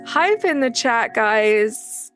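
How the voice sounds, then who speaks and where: A woman's voice: fairly high pitch, expressive, extremely slow, a bit bright, soft background music. A young woman streaming a game, chatting casually and answering chat messages aloud.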